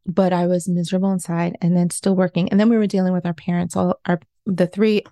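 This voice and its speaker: A woman's voice: fairly low pitch, little pitch movement, fast, warm tone, no echo, studio quality. A woman in her forties, a life coach, telling her own story in an interview in an earnest, confessional way. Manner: earnest, confessional, self-questioning.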